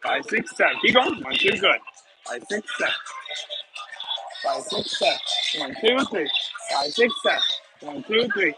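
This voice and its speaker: A man's voice: sits high, big pitch swings, measured pace, pauses often, loud music behind the voice, low-quality recording. A man teaching a live salsa class, counting beats and calling cues in Spanish and English to the dancers. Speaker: salsa instructor.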